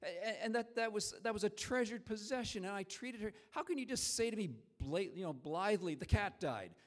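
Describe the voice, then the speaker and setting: A man voicing an indignant middle-aged father in a spoken anecdote, talking in an exasperated, high-pitched outburst. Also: a little fast, close to an everyday voice. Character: indignant middle-aged father, upset about his cat.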